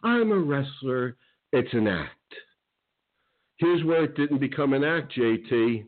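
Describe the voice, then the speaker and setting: A man's voice: medium pitch, animated, slow pace. A man who promotes wrestling shows, ranting heatedly on a radio show and repeating "okay?" often. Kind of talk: animated radio show rant. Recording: tinny phone line.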